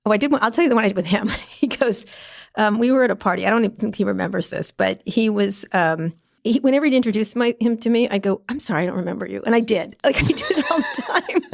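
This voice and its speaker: Brief: middle-aged woman, rapid-fire blunt storyteller, gravelly edge, salty and direct. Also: a little high, lively intonation. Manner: blunt, profane, fast anecdotes with laughs. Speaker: guest, tech journalist. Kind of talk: casual storytelling interview.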